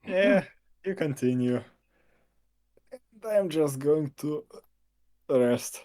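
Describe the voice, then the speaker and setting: Man, Russian native, slow halting speech, mellow tone, stream guest. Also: on the high side, expressive. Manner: hesitant, searching for words. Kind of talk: casual chat.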